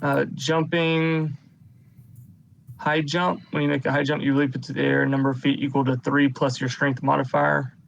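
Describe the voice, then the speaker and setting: A man running a tabletop game as game master, calmly calling hits and damage and narrating what the enemies do. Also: on the high side, normal speed, creaky, muffled recording, a little hiss or hum.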